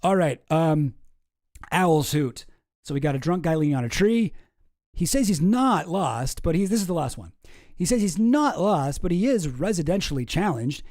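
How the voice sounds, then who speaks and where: A man's voice: on the high side, darkish tone, no room sound, clean studio sound. A man hosting a casual comedy commentary, reading cartoon captions aloud in a wry, rambling way and slipping into silly voices. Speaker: host.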